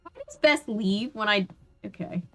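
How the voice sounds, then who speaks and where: A woman with a Southern US accent streams a video game, keeping up a casual, chatty running commentary. She sounds exasperated and argues with the game while talking to her viewers, her voice sitting at an everyday middle pitch. Faint game music plays behind her. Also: expressive, moderate pace. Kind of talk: casual let's-play commentary.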